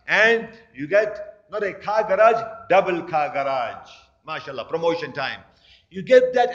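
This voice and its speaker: A man's voice: high voice, muffled recording. A man preaching a sermon to a congregation, telling stories and acting out the people he quotes. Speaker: imam.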